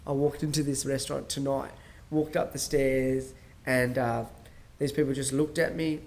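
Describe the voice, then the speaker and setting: A man's voice: medium pitch, flat delivery, normal speed, creaky, a little mellow. A man hosting a podcast, talking casually in a rambling way, full of fillers and restarts, and acting out dialogue as he tells stories. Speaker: podcast host. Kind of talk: casual monologue.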